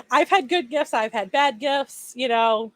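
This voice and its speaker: A young woman co-hosting a casual podcast, telling a story in an animated way with many fillers. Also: high voice, slow. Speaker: podcast co-host. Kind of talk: casual chat.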